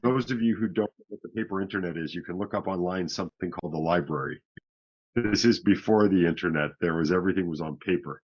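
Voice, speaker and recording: Man, middle-aged, deep low voice, frank, wry humor, muffled lo-fi sound. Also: fast talker, breathy edge. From Canada. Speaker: podcast guest. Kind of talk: candid personal storytelling.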